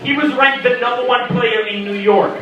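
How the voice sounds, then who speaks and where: A high, bright young man works through a stand-up set, his pitch jumping all over as he acts out characters. The sound is echoey and a little distant, as if picked up from across a small room. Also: normal speed, lo-fi sound. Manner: animated, acts out characters with sudden squawks. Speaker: stand-up comedian. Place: small comedy venue at a birthday party. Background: audience laughter.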